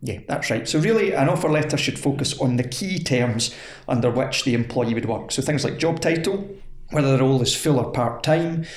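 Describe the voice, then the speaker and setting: Wry man with a roomy echo. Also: mid-range voice. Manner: wry, teasing, dry humour. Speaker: podcast co-host. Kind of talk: casual chat.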